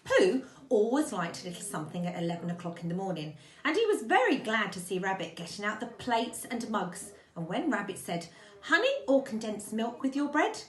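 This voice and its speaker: A woman's voice: mid-range voice, very animated, a little fast, hardly any pauses. A woman teacher at home reading a storybook aloud to young children, chatting to a toy bear between parts. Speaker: primary school teacher. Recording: echoey room.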